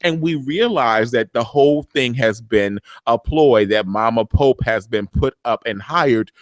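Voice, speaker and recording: A man's voice: medium pitch, a little slow, dry recording. A man hosting a show, chatting casually and retelling scenes playfully. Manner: animated, playful storyteller. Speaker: show host. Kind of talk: casual recap chat.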